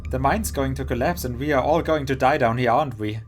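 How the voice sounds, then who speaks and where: A man's voice: mid-range voice, fairly quick, a little hiss or hum, close to an everyday voice. A man voicing a nervous, superstitious young woman, read in an anxious, fretful way. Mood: panicky.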